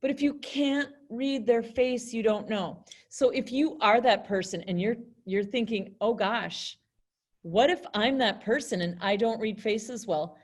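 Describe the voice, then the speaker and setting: A woman's voice: a little high, measured pace. Chatty woman teacher acting out example lines. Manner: chatty, acts out example lines in different tones. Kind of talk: virtual classroom lesson.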